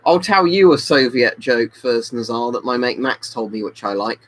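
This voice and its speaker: A tipsy man chats his way through a home webcam stream, rambling and reading out viewer comments as they come in. His voice sits at an ordinary male pitch, picked up by a webcam mic. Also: expressive, normal speed, a bit bright, slight background noise, low-quality recording. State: tipsy from drinking. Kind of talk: casual live-stream chat.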